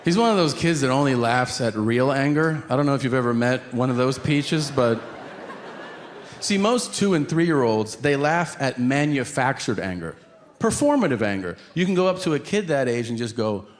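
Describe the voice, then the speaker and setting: Heard over clear audience noise in a live club, a middle-aged man tells a stand-up story, his pitch swinging widely as he acts out scenes. He swears freely and bursts into shouts when imitating himself. He speaks into a handheld stage mic. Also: normal speed. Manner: animated, profane, acts out shouts. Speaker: stand-up comedian.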